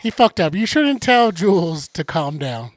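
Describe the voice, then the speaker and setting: A woman's voice: lowish voice, big pitch swings, normal speed, no echo. A woman co-hosting a podcast in casual chat, chiming in with short, teasing remarks. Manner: teasing, dry interjections. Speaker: podcast co-host.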